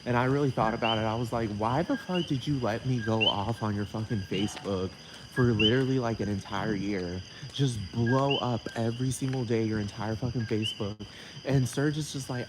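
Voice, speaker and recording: Outdoors at night, a man with a medium-pitched, brisk voice rants to camera in a sassy, heavily profane manner, laughing often. Crickets fill the noisy background.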